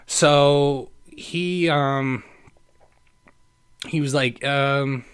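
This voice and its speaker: A man's voice: mid-range voice, moderate pace, fairly bright tone, clear, resonant tone. A man in his late twenties hosting a podcast, telling a personal story in an earnest, rambling way and speaking straight to his listeners. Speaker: podcast host.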